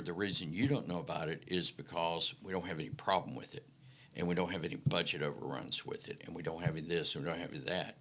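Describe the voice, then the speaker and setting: A middle-aged man from the Delta, a podcast guest telling folksy, animated stories about his career. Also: deep voice. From Mississippi Delta, American South. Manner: folksy, animated anecdotes with acted-out quotes. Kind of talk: casual storytelling interview.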